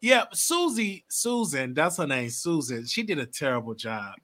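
A man's voice: on the high side, very animated, moderate pace, fairly bright tone. A man hosting a live stream, giving casual, emphatic political commentary and swearing now and then.

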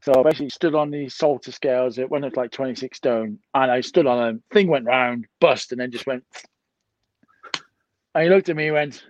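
A middle-aged man, a podcast guest, telling a lively story full of swearing and acted-out dialogue. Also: medium pitch, a little fast, no echo, muffled recording. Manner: lively anecdotal storyteller who swears freely and acts out dialogue. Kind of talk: casual storytelling.

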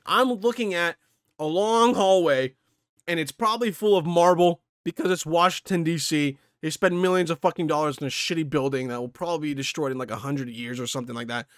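A man's voice: a little high, fairly bright tone, no echo, clean studio sound. A man ranting with heavy profanity, reading a news article aloud and reacting to it in rambling asides. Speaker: commentator.

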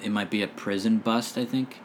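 A man who runs a tabletop game, talking in a relaxed, rambling way with lots of fillers. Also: on the low side, fairly quick, a little hiss or hum. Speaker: dungeon master. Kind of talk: casual podcast chat.

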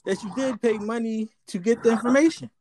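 Earnest podcast co-host man, higher voice. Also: brisk, a little mellow, slight background noise. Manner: earnest, acts out quotes. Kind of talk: casual chat.

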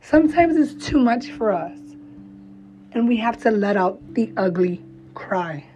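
Animated and a little high, with a dark tone, this young mom vlogger's voice carries a heartfelt, profane, blunt and encouraging monologue to camera, phrased slowly and emphatically. Faint music sits behind a slightly dull lo-fi recording with a little hiss or hum.

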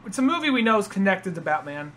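A man hosting a casual podcast chat, rambling and acting out other people's lines in quick impressions. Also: high-pitched, very animated, bright, forceful tone. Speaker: podcast host.

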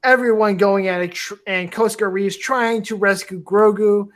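Brief: excitable fan host, mid-range voice, rambling casual review chat. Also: medium pitch, moderate pace, a little hiss or hum. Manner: enthusiastic, rambling with restarts and laughs. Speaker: podcast host.

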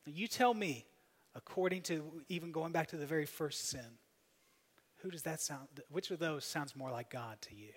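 High-voiced preacher in an echoing hall. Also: male voice, normal speed. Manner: emphatic, swinging between loud appeals and soft, quiet asides. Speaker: pastor. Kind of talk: sermon. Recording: long hall reverb.

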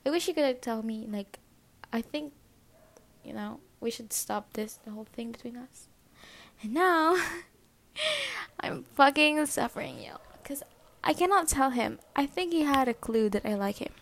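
Casual young woman with a bright voice. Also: sits high, big pitch swings, a little slow, vocal fry, pauses often. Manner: frequent swearing and fillers, often dropping to a whisper. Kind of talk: casual storytime confession.

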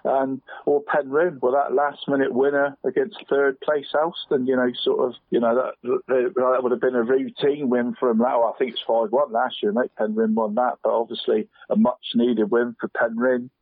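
A talkative man co-hosting a casual football show, tossing "mate" into nearly every sentence and chuckling often. His voice is mid-pitched and comes through dry and narrow, like a phone line. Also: little pitch movement, normal speed, few pauses, slightly rough, no echo. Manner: chatty, says "mate" constantly, laughs often. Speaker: co-host picking team of the week. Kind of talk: casual sports chat.

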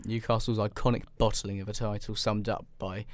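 A man's voice: on the low side, flat delivery, a little fast, no echo. A young man co-hosting a casual football podcast in a studio, rambling and sarcastic with lots of ums. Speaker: podcast co-host.

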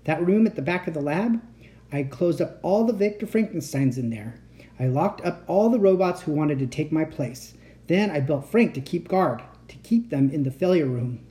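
Woman doing an excitable mad-inventor uncle. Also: sits low, moderate pace. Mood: fearful. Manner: excitable, pleading, then soft and menacing. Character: eccentric middle-aged male inventor uncle, unstable. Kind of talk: storybook read-aloud.

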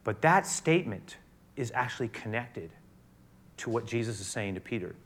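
A man preaching a sermon, who swings from hushed to loud and often restarts and repeats himself as he builds. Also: mid-range voice, lively intonation, moderate pace. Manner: frequent restarts and repetitions. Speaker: pastor.

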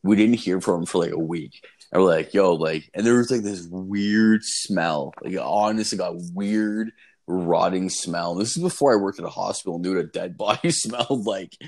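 Rambling through a story in relaxed chat, a man swears freely, keeps saying "like" and "dude," and jumps to high-pitched yelps for quoted lines. He talks at normal speed with a darkish tone.

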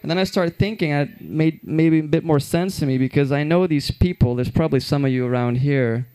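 A man's voice: fairly high pitch, fairly quick, warm tone, clean tone. A young man from Belgium telling stand-up stories in a loose, rambling way with lots of fillers and restarts. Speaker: stand-up comedian. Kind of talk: stand-up comedy storytelling.

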